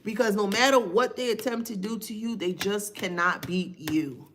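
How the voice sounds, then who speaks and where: A woman's voice: medium pitch, normal speed, fairly bright tone, a little hiss or hum. A woman giving a casual spiritual reading on a live stream, emphatic and repetitive, thanking viewers by name. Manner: emphatic, repeats phrases, reads viewer names aloud.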